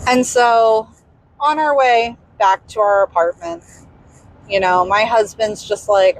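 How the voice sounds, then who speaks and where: A young woman with a Southern US accent telling a personal story in a candid, exasperated, animated way. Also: a little high, unhurried, slight background noise, poor audio. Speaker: vlogger. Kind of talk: casual storytelling. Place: in a vehicle.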